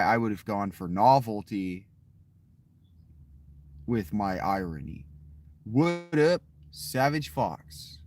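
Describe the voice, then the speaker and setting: A man's voice: medium pitch, a little hiss or hum. A man chatting casually with his viewers in a boastful, crude, rambling way. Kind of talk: casual live chat with viewers.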